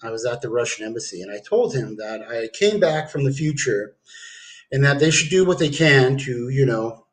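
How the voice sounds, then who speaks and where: A man's voice: mid-range voice, lively intonation, moderate pace. A man rambling and swearing through a meandering livestream monologue at home. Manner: rambling, profane, meandering with fillers.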